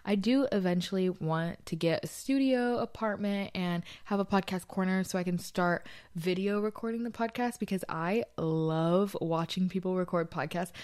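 A woman's voice: fairly low pitch, normal speed, darkish tone, clear, resonant tone. A young woman hosting a casual solo podcast from a small bedroom, chatty and confessional, with lots of "like" fillers. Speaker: podcast host.

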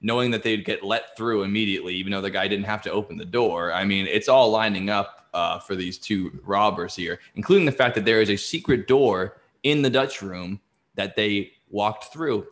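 A man's voice: low-pitched, a bit bright. A man co-hosting a casual true-crime podcast, telling the story with swearing and laughter. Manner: profane, storytelling, laughs often. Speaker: podcast co-host.

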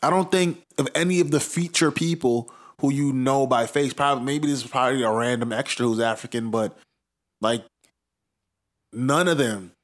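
A man's voice: medium pitch, normal speed. A man talking in a casual podcast chat, rambling and profane, often laughing mid-sentence.

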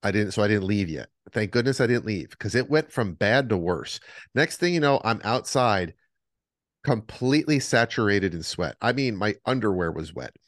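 Low-voiced man telling stories on a podcast. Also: moderate pace, no echo, clean studio sound. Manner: animated storyteller, acts out the voices in his stories. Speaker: podcast co-host. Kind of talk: casual podcast chat.

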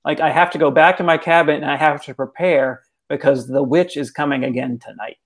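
A man's voice: fairly high pitch, fairly quick, close to an everyday voice. A man voicing a weary, bewitched male sea captain in a told story, in a dry, matter-of-fact way. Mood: deadpan.

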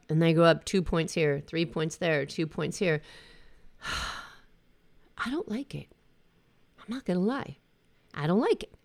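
A middle-aged woman talks candidly as a podcast host, reflective and conversational. Her voice sits a little low and carries a steady gravelly vocal fry. She sounds open and down to earth. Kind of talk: candid personal talk.

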